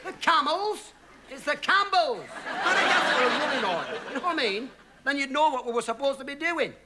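A man's voice: very high voice, lively intonation, brisk, over a noisy crowd. A man, one half of a comedy double act, playing the bossy, exasperated straight man in a scripted sketch. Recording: noisy TV studio with loud audience laughter.

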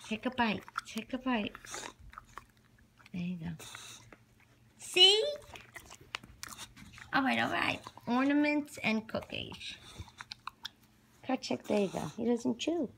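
A woman's voice: on the high side, expressive, unhurried, creaky, pauses often, slight background noise. A woman hosting a home cooking video, talking to her dog in a coaxing, playful way. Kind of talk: casual talk to her pet.

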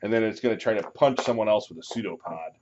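A man running a tabletop game as game master, calling rolls and results in a relaxed, matter-of-fact way. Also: fairly low pitch, fast, very noisy. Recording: dull lo-fi room recording.

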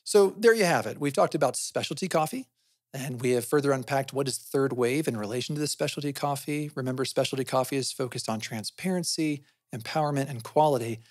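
A man's voice: mid-range voice, brisk, dry recording. A man hosting a podcast, explaining things in a conversational way and often asking himself questions, then answering them. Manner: often adds "right?" as a tag. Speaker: podcast host.

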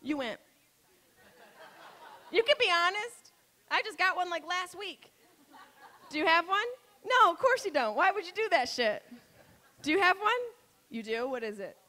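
A woman's voice: extremely high pitch, expressive, normal speed, long pauses, sharp tone. A woman doing a brash, profane stand-up set, bantering with the crowd from a comedy club stage.

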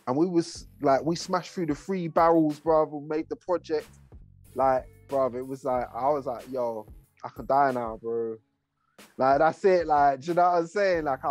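A man, a rapper and producer talking casually in an interview, laid-back and full of slang. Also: a little high. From England. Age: 30s. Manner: laid-back, heavy slang, rambling asides.

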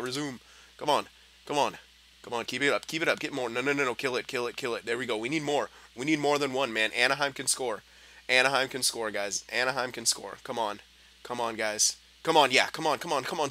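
A young man giving gameplay commentary, frustrated and swearing, muttering low and then yelling at the game. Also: brisk. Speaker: gaming commentator.

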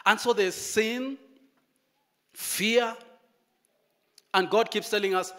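High-voiced preacher. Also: male voice. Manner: animated preaching, dramatic pauses and storytelling. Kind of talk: sermon.

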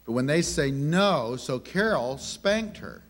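A man's voice: a little high, animated, slow pace. A man giving a conversational sermon on parenting, telling family stories and asking the audience rhetorical questions. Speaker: minister teaching on parenting.

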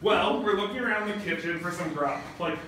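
A man's voice: high-pitched, brisk, close to an everyday voice. A man playing a bubbly, ditzy teenage girl who gushes in valley-girl chatter full of "like". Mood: gushing. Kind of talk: comedy skit acting. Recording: echoey room, far from mic, faint noise.

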